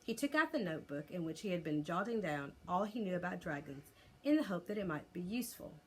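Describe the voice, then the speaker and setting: A woman's voice: lowish voice, fairly quick, slight background noise. Woman reading a storybook aloud. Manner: expressive, lively storytelling. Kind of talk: reading a chapter book aloud.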